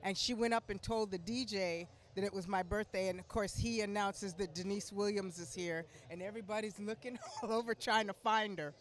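A woman's voice: medium pitch, fairly even intonation, fairly quick, hardly any pauses. A woman, a guest, telling a casual story in an easygoing way. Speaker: interview guest.

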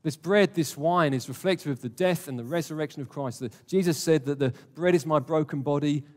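A man's voice: fairly high pitch, fairly quick, a little mellow. A man preaching a conversational, emphatic sermon to a live congregation, with jokey asides. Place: warm church hall, live congregation. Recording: long hall reverb.

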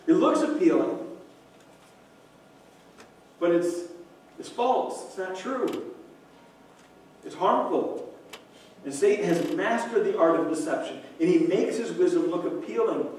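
A man's voice: sits high, a little mellow, a little hiss or hum. A man preaching a sermon as pastor, in a chatty way with frequent restarts and asides. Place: church sanctuary. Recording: echoey room, mic from a distance.

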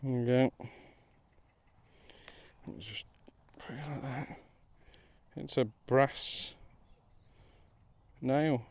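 A man with a Midlands accent, out of breath, chatting excitedly to the camera outdoors while metal detecting in a field. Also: mid-range voice, drawn-out words, creaky, long pauses, dry recording. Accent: English Midlands. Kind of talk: casual outdoor commentary.

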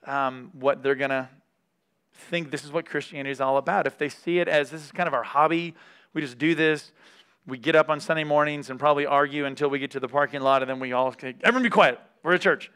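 A man's voice: medium pitch, steady tone, fast talker, fairly bright tone, smooth. A man giving a conversational Bible teaching, reading scripture aloud and stopping to comment candidly. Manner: candid, reads scripture aloud between remarks.

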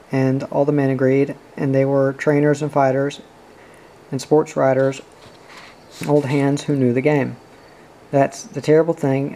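A man reading a novel aloud as an audiobook narrator, in a steady and subdued way. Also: medium pitch, gravelly, a little hiss or hum, low-quality recording. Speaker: audiobook reader.

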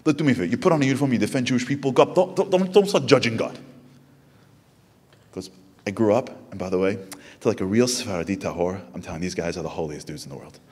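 An American man tells a story to a crowd with a lot of energy, jumping his voice up high whenever he quotes someone. His voice is a bit husky and swings widely in pitch. The room behind him rings with a long hall echo. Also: expressive, quick pace, darkish tone. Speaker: Jewish speaker. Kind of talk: storytelling talk to an audience. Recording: echoey hall with long reverb.

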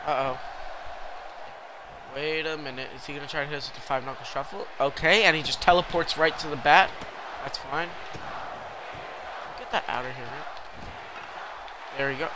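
A young man giving live commentary while he plays a wrestling video game, reacting loudly to every turn. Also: on the high side, a little fast, long pauses, noisy background. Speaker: game streamer.

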